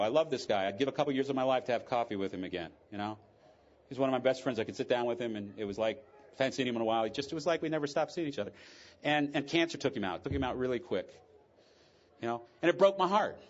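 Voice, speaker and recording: A man's voice: medium pitch, animated, racing, lo-fi sound. A middle-aged man speaking at a recovery convention, telling candid, joking and emotional stories from his own life. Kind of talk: personal testimony talk.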